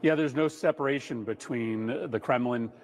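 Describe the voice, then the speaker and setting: A man, a senator, speaking in a measured, earnest way in a TV interview, pausing on fillers. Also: medium pitch. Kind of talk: political TV interview.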